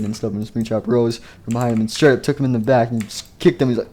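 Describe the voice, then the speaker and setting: A man's voice: medium pitch, level tone, fast talker, hardly any pauses, dark tone. A man casually narrating a game machinima story, rambling and filling gaps with "and stuff" and "like". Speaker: video creator.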